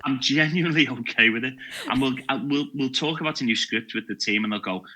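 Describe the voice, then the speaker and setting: A man's voice: medium pitch, fast talker, pushed and bright, low-quality recording. A man, a podcast guest and security trainer, chatting casually in a jokey, self-deprecating way. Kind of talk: casual chat.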